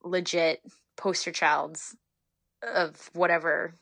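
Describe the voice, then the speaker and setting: A young woman from Northern California, a soccer player, chatting as a guest in an interview and retelling stories in a lively, giggly way. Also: fairly low pitch, slow, creaky, no room sound. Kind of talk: casual interview storytelling.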